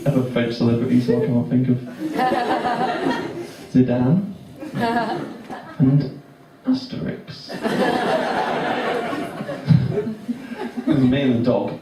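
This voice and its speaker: A young man doing stand-up, telling a long story in a rambling, self-interrupting, deadpan way. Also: medium pitch, takes it slowly, long pauses. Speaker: stand-up comedian. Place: comedy club stage with audience laughing. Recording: echoey live room recorded from far off with noise.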